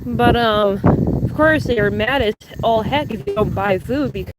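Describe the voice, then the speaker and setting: A woman's voice: on the high side, moderate pace. A woman chatting casually to her phone camera while walking outdoors in a small town, rambling and breaking off mid-sentence. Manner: chatty, rambling, self-interrupting. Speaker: vlogger. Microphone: handheld phone camera. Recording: loud street noise and wind.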